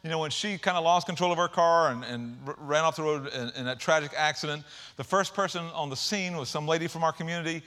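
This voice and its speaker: A male pastor preaches with a bright, ringing tone that climbs at his high points. His talk is lively and folksy, full of asides to the congregation. He leans a little high for a man. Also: quick pace. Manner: animated preaching with folksy asides and rising emphasis. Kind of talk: sermon.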